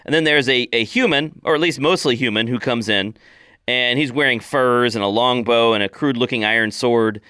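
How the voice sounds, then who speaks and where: A man narrating as game master of a tabletop game, describing scenes in a relaxed way with frequent fillers. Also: medium pitch, a little fast, smooth, dry recording, studio quality.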